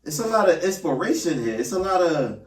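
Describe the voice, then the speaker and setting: A man from the Bronx hosting a podcast, chatting casually with steady, agreeable interjections. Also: fairly high pitch, fairly quick. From the Bronx, New York. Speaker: podcast host. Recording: echoey room, mic at a distance.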